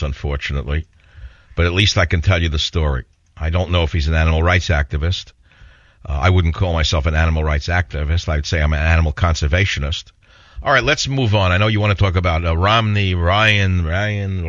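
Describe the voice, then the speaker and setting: A man's voice: low-pitched, fairly bright tone, no echo. A man hosting a radio talk show, telling stories in a rambling, indignant way and taking calls. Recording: dull lo-fi radio broadcast.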